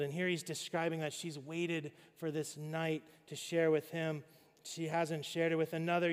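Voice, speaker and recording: Male pastor, slightly high voice, conversational and animated sermon delivery, reverberant church hall. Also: normal speed, clean tone. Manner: conversational, animated, addresses congregation directly.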